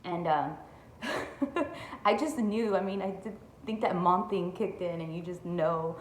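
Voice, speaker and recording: A woman's voice: lowish voice, takes it slowly, a little hiss or hum. A young woman chatting through a storytime vlog, full of "like" and "y'all". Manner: chatty, says "like" and "y'all" a lot. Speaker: vlogger. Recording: echoey room with faint ambience.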